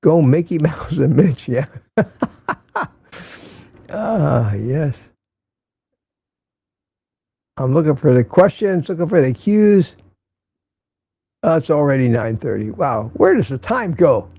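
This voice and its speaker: Older male livestream host from Central Florida, rambling casual chat, husky and gravelly, dry close sound. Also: fairly high pitch, lively intonation, slow pace, long pauses, mellow, dry recording. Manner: rambling, reads viewer comments aloud.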